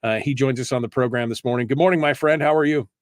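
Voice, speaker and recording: A man's voice: medium pitch, fast, no echo, clean studio sound. A man hosting a casual political talk radio show, chatty and joking, with many fillers and restarts. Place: radio studio.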